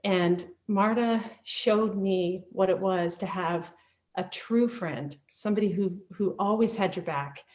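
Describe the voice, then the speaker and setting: A woman recounts a personal memory in a vivid, emotional, conversational way. Her voice sits at a middle pitch and comes through a video call. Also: unhurried, a little mellow. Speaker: storyteller. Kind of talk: personal storytelling.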